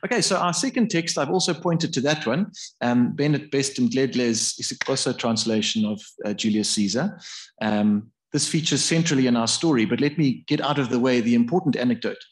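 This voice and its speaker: A man's voice: mid-range voice, a little fast. A man giving a university lecture in a hall, thinking aloud in a hesitant, discursive way. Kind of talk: academic public lecture.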